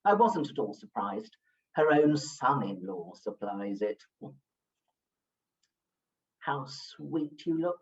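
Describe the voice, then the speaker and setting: A grand, gossiping duchess , played by an actress, relishes every scandal in a low voice that rises and falls broadly. She sounds well back from the microphone. The recording is dull and lo-fi. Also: sing-song, slow, long pauses, far from the mic, full character voice. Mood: gossipy. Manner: grand, gossipy, theatrical delivery. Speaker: amateur stage actress. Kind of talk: stage play performance.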